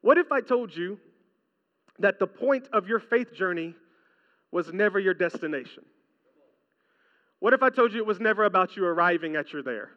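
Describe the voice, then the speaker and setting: A man preaching a sermon as pastor, animated and repetitive, often asking the congregation questions. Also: sits high, normal speed, pauses often. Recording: dull sound with long hall reverb.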